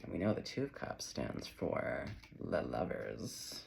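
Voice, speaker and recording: Deep-voiced, gravelly, lively male tarot reader. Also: a little slow, slight background noise. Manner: chatty, rambling, off on tangents. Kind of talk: casual tarot reading to camera.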